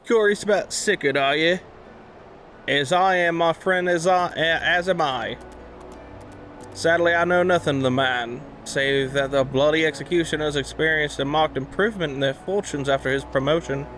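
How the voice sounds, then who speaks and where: A man voicing a shrewd, dryly formal male pirate captain from a video game, in measured, old-fashioned speech. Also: a little high, fairly bright tone, soft background music, lightly acted. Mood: wry. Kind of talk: reading game dialogue aloud.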